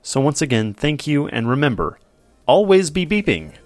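A man's voice: fairly high pitch, sing-song, moderate pace, soft background music. A man hosting a podcast, chatting casually in a wry, self-deprecating way. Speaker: podcast host.

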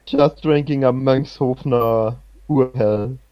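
A man's voice: medium pitch, fairly even intonation, takes it slowly, lo-fi sound. A man on a podcast, giggling often and playing easily confused. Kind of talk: casual chat.

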